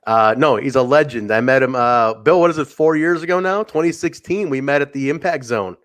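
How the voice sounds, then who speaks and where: A man from the American Midwest hosting a wrestling podcast, joking in sarcastic, animated banter with his co-hosts. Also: medium pitch, a little fast. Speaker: podcast host. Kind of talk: casual wrestling podcast chat.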